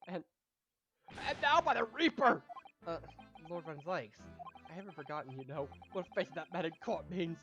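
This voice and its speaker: A man voices a gloomy young scholar from a game who frets and stammers over every line. His pitch is lively, the recording is dull and lo-fi, and soft game music runs behind him. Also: normal speed. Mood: panicked. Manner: fretful, stammering, melodramatic. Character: anxious, gloomy young male scholar abroad.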